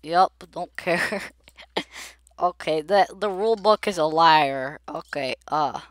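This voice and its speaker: With a low-pitched voice and an unhurried delivery, a female gameplay video creator talks her viewers through the game directly, begging the characters aloud in chatty, jittery, casual commentary. No room sound is audible.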